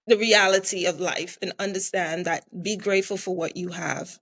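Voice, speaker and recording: A woman's voice: medium pitch, lively intonation, a little fast, hardly any pauses, fairly bright tone. A middle-aged woman from the Caribbean, a restaurant owner talking in a casual interview, earnest and repeating herself for emphasis.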